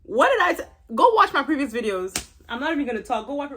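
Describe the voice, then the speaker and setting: Young woman vlog host, gossipy and animated, fairly high voice, casual review chat. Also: a little hiss or hum. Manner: gossipy, animated, exclaiming with quick asides. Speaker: YouTube reality-TV reviewer.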